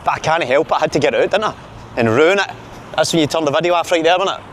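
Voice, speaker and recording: A man's voice: on the high side, racing, slight background noise. Chatty Glaswegian man walking city streets. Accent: Glaswegian Scottish. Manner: chatty, jokey, talking to viewers. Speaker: vlogger. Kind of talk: casual walking vlog chat. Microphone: handheld camera while walking.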